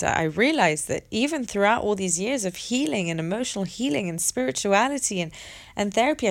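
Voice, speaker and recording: A woman sharing a personal story in a candid monologue, reflective and halting, with many restarts and fillers. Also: lowish voice. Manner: earnest and open, swears casually.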